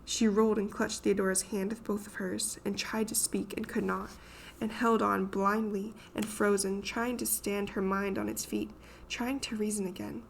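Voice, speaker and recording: A woman reading an audiobook aloud in a measured, hushed, suspenseful manner. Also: mid-range voice, flat delivery, creaky, a little hiss or hum. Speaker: audiobook narrator. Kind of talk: scripted audiobook narration.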